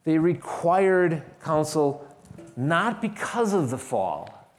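A man's voice: fairly high pitch, very animated, slow, long reverb tail. A man preaching a sermon, emphatic and repeating key phrases with shifting stress. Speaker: pastor.

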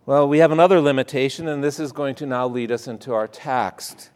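A man preaching a sermon to his congregation, moving between loud emphasis and hushed asides. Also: medium pitch, steady tone, fairly quick, clear, resonant tone. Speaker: pastor.

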